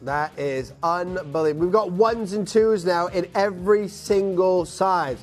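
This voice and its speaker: A man presenting live TV shopping in a studio, emphatic and hard-selling, with quick teasing asides. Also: high-pitched, faint music behind.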